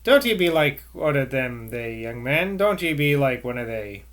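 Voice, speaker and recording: A man's voice: mid-range voice, big pitch swings, moderate pace, fairly bright tone. A man voicing an eccentric old country woman who speaks in a rustic Somerset dialect, cryptic and odd.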